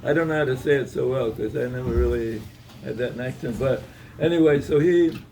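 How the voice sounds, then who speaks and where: A man giving a Torah talk at an evening gathering, telling a story in a halting way, with many repeated words and restarts. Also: mid-range voice, gravelly, a little mellow, distant mic, slight background noise, poor audio.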